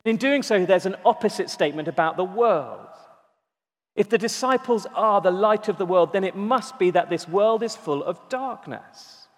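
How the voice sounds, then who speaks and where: A man delivers a sermon with a notably high voice. He leans on key words, slowing down and repeating them for emphasis. His voice carries a long reverb, as if spoken in a large church hall. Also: animated. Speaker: preacher.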